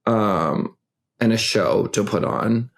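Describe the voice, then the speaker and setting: A man's voice: on the low side, slow pace, gravelly. A man co-hosting a podcast, telling stories in casual chat and laughing easily. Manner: storytelling, animated, laughs easily. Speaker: podcast co-host.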